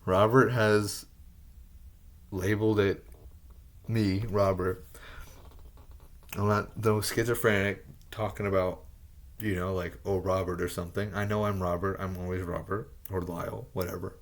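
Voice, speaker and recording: A man in a profane, exasperated solo rant, firing off repeated rhetorical questions, his voice jumping up and getting louder in bursts, then sinking low and quiet. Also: flat delivery, unhurried, long pauses. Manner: voice rises and gets louder in bursts, then drops low and soft. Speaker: vlogger. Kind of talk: ranting monologue to camera.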